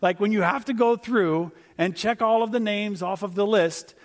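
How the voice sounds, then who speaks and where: A man's voice: sits high, normal speed. A middle-aged man giving a conversational sermon as a guest speaker, telling stories and acting out little voices for humor.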